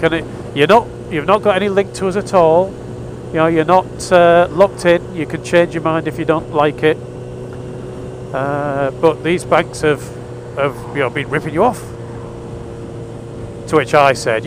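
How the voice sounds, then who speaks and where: A man's voice: a little high, normal speed. Wry man over road noise. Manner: wry, chatty and exasperated. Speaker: motorcycle vlogger. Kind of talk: casual storytelling monologue. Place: outdoors on a motorcycle.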